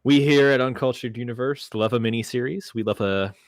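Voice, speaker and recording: A man's voice: medium pitch, brisk, no room sound. A man hosting a casual podcast chat with a friend, talking in a chatty, playful way and correcting himself as he goes. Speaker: podcast host.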